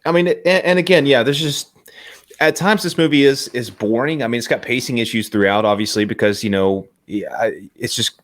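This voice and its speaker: A man hosting a movie review podcast, talking casually in an animated, rambling way with lots of fillers. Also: mid-range voice, fairly quick. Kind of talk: casual chat.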